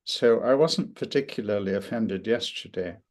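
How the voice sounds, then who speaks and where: An older man giving an interview, speaking reflectively and haltingly, with many restarts and pauses. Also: fairly low pitch, a little mellow. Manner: thoughtful, halting with frequent restarts and fillers. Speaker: interview guest, author.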